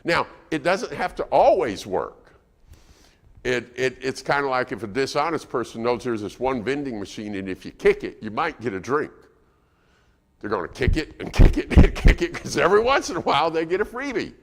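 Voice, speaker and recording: A man's voice: medium pitch, very animated, normal speed, vocal fry. A man preaching a sermon as guest speaker, conversational and asking the congregation questions. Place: church auditorium. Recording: reverberant church hall.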